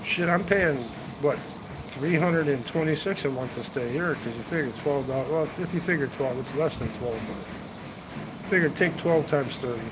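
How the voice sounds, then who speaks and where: Background noise surrounds a travel vlogger as he livestreams from outdoor rooftop seating at a hotel. His voice is a little high and his pace normal, and he chats casually, rambles, swears, and ends his sentences with "man."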